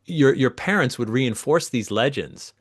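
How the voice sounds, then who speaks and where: A middle-aged man, a guest author telling stories with animated energy in a casual interview. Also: medium pitch, a little slow. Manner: lively, animated storyteller.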